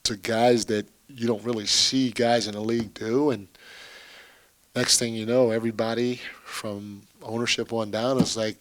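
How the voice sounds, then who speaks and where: A man's voice: mid-range voice, level tone, moderate pace. A man, a basketball head coach, answering at a post-game press conference in a candid, rambling, chatty way with small laughs.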